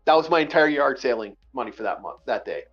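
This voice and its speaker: A man hosting a podcast, telling a story in an animated, profane, casual way and acting out the dialogue. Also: mid-range voice, fast, slightly rough, faint music behind. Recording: dull lo-fi recording.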